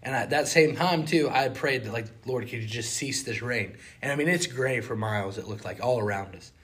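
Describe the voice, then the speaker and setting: A man's voice: mid-range voice, fairly quick, a bit bright. A young man with a Southern US accent, telling travel stories on a casual podcast, acting out quotes and sound effects. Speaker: podcast co-host. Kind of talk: casual storytelling chat.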